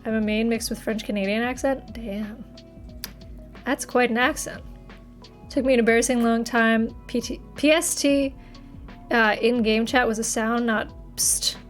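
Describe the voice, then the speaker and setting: A young woman with a northern US accent chats on a livestream, her fairly high voice bright with giggles as she banters with viewers. She talks into a desk mic with faint music underneath. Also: fairly even intonation, moderate pace, pauses often. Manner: chatty, giggly, answers viewer chat playfully. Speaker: streamer. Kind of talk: casual livestream chat. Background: faint background music.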